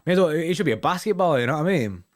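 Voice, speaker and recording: A man's voice: a little high, animated, very fast. A young man hosting a football fan live stream, chatting casually with viewers, full of slang and tags like "innit" and "you know what I mean".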